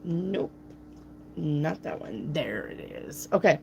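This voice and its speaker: Gruff-voiced woman reading tarot live. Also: low-pitched, expressive, slow, a little hiss or hum. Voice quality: gruff, raspy voice. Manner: chatty and playful, addresses viewers by name. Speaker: tarot reader, channel host. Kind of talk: live-stream tarot reading, answering chat.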